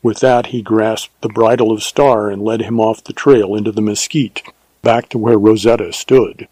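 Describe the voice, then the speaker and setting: Dark, husky male audiobook narrator. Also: on the low side, fairly even intonation, moderate pace, no echo, poor audio. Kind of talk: scripted narration of a western novel.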